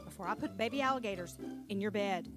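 A woman's voice: fast talker, natural voice. An actress playing a furious, overbearing mother who rants with exaggerated outrage, in a film clip with music behind. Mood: ranting. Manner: shrill ranting, exaggerated outrage.

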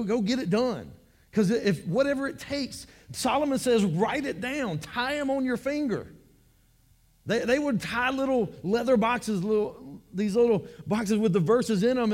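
A man preaches to his congregation in a loose, conversational way, doubling back on words as he pushes toward each point. His voice sits notably high for a man. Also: a little mellow. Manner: conversational, repeats words while building points. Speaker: pastor. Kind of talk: sermon.

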